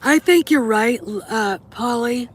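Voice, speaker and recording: A woman's voice: fairly high pitch, unhurried, breathy edge. A middle-aged woman chatting casually to her viewers, blunt and opinionated, swearing freely. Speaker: host. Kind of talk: casual vlog chat.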